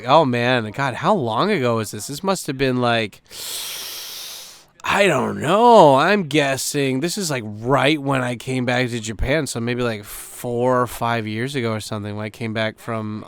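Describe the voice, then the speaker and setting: A young man with a clean, medium-pitched voice and no room sound hosts a podcast. He rambles casually, swearing a lot and using plenty of fillers in his animated storytelling.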